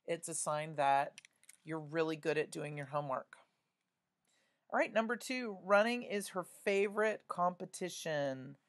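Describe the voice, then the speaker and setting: A woman's voice: low voice, measured pace. A woman teaching a spelling lesson, patiently spelling words out letter by letter and talking through each answer aloud.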